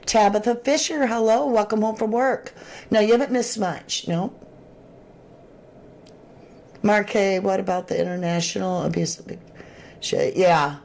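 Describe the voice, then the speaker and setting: A woman's voice: medium pitch, normal speed, gravelly. A woman hosting a true crime livestream, chatting casually and reading viewer comments aloud. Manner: chatty, animated, Southern-tinged slang.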